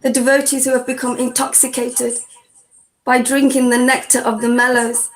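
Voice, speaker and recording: High-voiced woman reading a verse slowly. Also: steady tone, fairly bright tone, low-quality recording. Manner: slow, deliberate recitation. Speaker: verse reader. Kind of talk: reading scripture aloud.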